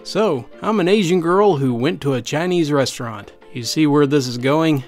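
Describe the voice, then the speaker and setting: Male narrator, fairly high, wry conversational storytelling over light music. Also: moderate pace. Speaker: host reading online stories. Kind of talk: scripted narration. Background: faint background music.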